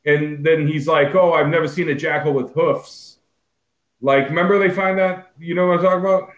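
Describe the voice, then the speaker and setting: A man co-hosting a casual movie podcast, relaxed, swearing casually and filling his talk with "like". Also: on the high side, normal speed, roomy sound, low-quality recording. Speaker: podcast co-host. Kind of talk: casual movie review chat.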